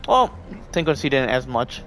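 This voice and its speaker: A man's voice: medium pitch, sing-song, fairly quick, a bit bright, slight background noise. Frustrated cursing man streaming a game. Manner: frustrated, swearing, talking to himself. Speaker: gaming streamer. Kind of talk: casual live-stream commentary.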